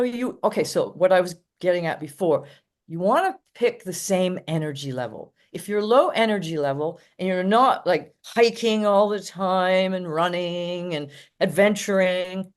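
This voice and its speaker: Older woman, guest dog trainer, low-pitched, rambling anecdotal interview chat. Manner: rambling anecdotal storytelling with frequent laughs.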